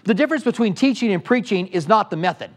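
A man's voice: high voice, animated, quick pace. A middle-aged male pastor teaching a sermon with passion, firing off rhetorical questions at the congregation.

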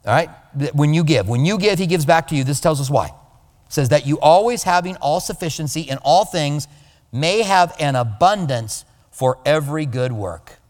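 A male pastor giving a conversational sermon, animated and now and then mimicking other people's voices. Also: on the high side, normal speed, long reverb tail.

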